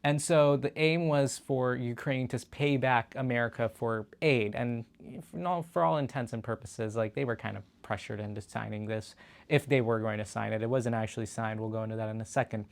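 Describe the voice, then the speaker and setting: A man's voice: mid-range voice, fairly quick, vocal fry. A man hosting his own show, giving casual political news commentary in a conversational way with frequent fillers and restarts. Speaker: show host.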